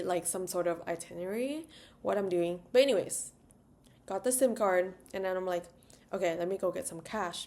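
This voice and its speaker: A young woman with a low, dark-toned voice tells a travel story in a casual vlog, rambling and chatty, packed with "like" and little asides. As a travel vlogger, she leans on fillers and sings "la la" to herself.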